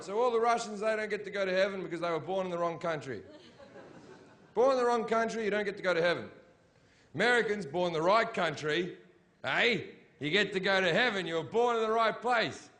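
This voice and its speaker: On a comedy stage, a man delivers a crude, provocative live stand-up routine, swearing nonstop and building into mocking, shouted rants. His voice is high-pitched and his delivery brisk.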